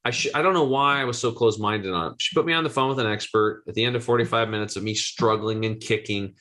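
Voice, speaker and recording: Energetic man in his forties. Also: fairly low pitch, quick pace. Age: 40s. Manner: energetic, excitable, slangy. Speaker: guest health coach. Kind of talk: animated storytelling.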